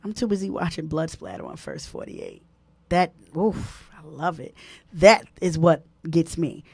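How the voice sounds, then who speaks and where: A woman hosting a live stream, giving animated, preachy advice and repeating key points for emphasis, speaking. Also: deep voice, unhurried, creaky, breathy edge, dry recording. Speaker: host.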